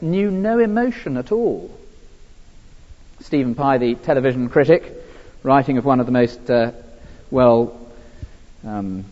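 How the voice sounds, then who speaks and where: A man's voice: a little high, mellow. A man preaching a sermon earnestly, with frequent fillers and restarts. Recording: dull, lo-fi recording with long hall reverb.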